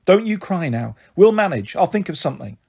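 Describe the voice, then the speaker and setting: A man's voice: high voice, sing-song, brisk, gravelly, darkish tone, slightly rough, heavily acted. A man voicing a brave, anxious young girl who pleads and reassures her family.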